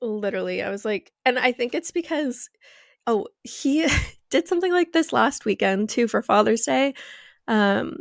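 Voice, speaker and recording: Gravelly-voiced young woman, chatty podcast co-host. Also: a little high, animated, normal speed, dry recording, studio quality. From Arizona, US. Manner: chatty storyteller, lots of "like" fillers. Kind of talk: casual chat.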